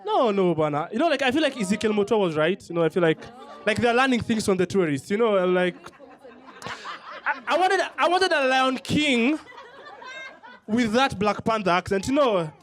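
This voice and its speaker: A man's voice: sits high, sing-song, brisk. A man doing a stand-up comedy set on a comedy club stage, mocking and playful. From Kenya. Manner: mocking, slips into put-on accents.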